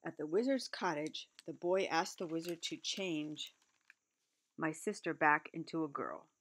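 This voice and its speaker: A woman reading a picture book aloud, gentle, adding chatty asides about the pictures. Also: deep voice, unhurried. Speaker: reader.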